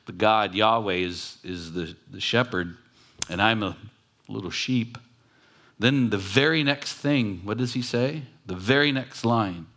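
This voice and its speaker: A man with a fairly low voice preaches a sermon. He talks in a relaxed, conversational way, but leans hard on key phrases and repeats them for emphasis. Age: adult with children. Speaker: pastor.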